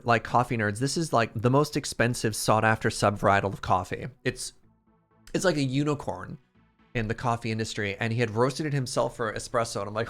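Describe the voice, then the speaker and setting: An animated man tells a rambling story in a casual stream chat. His voice sits at an ordinary middle pitch and jumps up whenever something excites him. Faint background music plays under him. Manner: animated, excitable storyteller, quick quoted asides.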